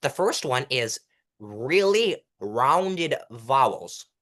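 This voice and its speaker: Young male guest, animated coaching tone, very lively pitch. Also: drawn-out words. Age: young adult. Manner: animated, demonstrates delivery styles mid-sentence. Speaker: guest, mock trial competitor. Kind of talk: casual interview coaching talk.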